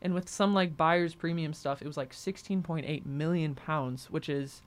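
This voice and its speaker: A woman's voice: low voice, normal speed. A young woman co-hosting a podcast, talking casually, with lots of fillers and frequent laughs. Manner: chatty, laughs often, many "like" fillers. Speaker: podcast co-host. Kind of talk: casual chat.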